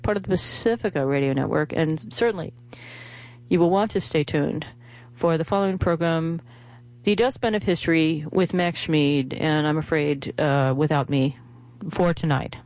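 A woman's voice: low voice, darkish tone. Rambling chatty woman radio host. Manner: rambling, many fillers and restarts, chatty. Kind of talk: casual radio monologue with pledge appeal.

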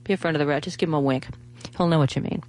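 A woman's voice: low-pitched, fairly even intonation, very fast, darkish tone. A woman radio host, talking in a rambling, chatty way full of fillers and restarts. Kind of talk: casual radio monologue with pledge appeal.

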